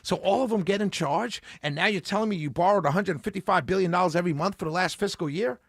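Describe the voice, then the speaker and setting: Passionate, high-pitched male radio host. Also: quick pace, vocal fry, no room sound, studio quality. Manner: passionate, yelling, sarcastic. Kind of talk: political talk radio rant. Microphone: close studio mic.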